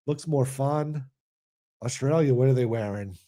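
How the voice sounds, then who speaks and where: A man co-hosting a podcast in casual chat, dropping deadpan wisecracks. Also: mid-range voice, unhurried. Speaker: podcast co-host.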